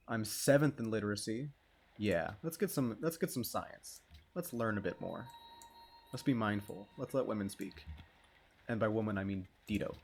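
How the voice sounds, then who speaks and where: A man giving casual, rambling gameplay commentary, joking and swearing as he plays. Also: mid-range voice. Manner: laid-back, rambling and joking, with frequent swearing. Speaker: gamer.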